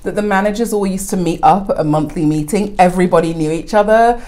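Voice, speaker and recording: A woman in her thirties with a low-pitched voice, talking as a guest in a relaxed interview. She rambles with lots of "um" and "like", then gets animated and laughs through her anecdotes. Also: fast talker. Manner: rambling, many fillers, bursts of animated laughter when telling stories. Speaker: podcast guest, coffee educator. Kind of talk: casual interview chat.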